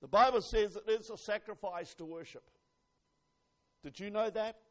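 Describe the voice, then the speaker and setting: A man preaching a sermon, swinging from hushed asides to loud exclamations and reading scripture slowly with emphasis. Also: sits high.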